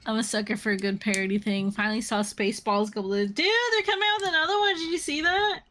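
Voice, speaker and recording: With a fairly high voice and a quick pace, this streamer chats casually and recounts film scenes in an animated way, full of laughter and casual swearing. A little hiss or hum runs under the audio.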